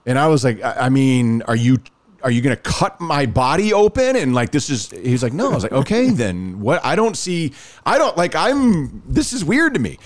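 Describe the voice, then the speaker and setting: A man's voice: mid-range voice, normal speed. A man in casual podcast chat, telling a long personal story and acting out the other people's lines. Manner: animated, acts out quoted dialogue.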